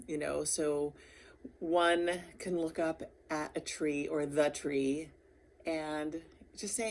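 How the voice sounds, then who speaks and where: A woman's voice: deep voice, darkish tone. A woman talking candidly in a personal video diary, rambling and laughing often between thoughts. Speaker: vlogger.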